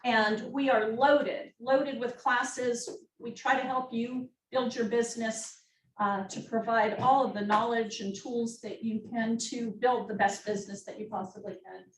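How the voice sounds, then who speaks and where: A woman's voice: a little high, fairly even intonation, a little slow. Upbeat woman presenting in an echoey room. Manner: upbeat, joking asides. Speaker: meeting presenter. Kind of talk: office team meeting presentation. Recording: roomy, distant mic, faint noise.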